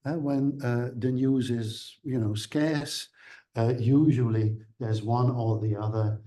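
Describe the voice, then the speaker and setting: A man's voice: medium pitch, fairly even intonation, slow pace, warm tone. A male lecturer giving a seminar talk, hesitant and full of fillers and restarts.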